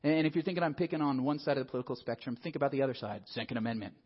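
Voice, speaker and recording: A man preaching a sermon in a lively, conversational way, often asking the congregation questions. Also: medium pitch, rapid-fire, breathy edge, lo-fi sound. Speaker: pastor.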